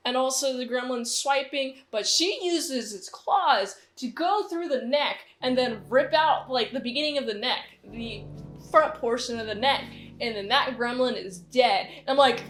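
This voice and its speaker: A woman casually recapping a movie in a rambling, excitable way, giggling now and then. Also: high voice, a little slow. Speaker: movie reviewer.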